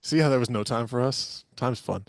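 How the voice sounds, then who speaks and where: A man's voice: medium pitch, fairly quick, no echo, clean studio sound. A man hosting a podcast, leading loose, joking banter and rambling asides. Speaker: podcast host. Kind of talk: casual podcast chat.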